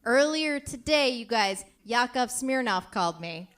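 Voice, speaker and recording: A woman's voice: fairly high pitch, animated, unhurried, a bit bright. A woman comedian guesting on a live comedy podcast, giggly and self-mocking. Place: comedy club stage.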